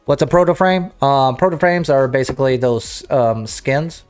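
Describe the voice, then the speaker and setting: A man's voice: medium pitch, moderate pace, darkish tone, smooth, faint music behind. A man streaming a game, chatting casually with his viewers and thinking aloud as he restarts his sentences. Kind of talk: casual livestream chat to viewers.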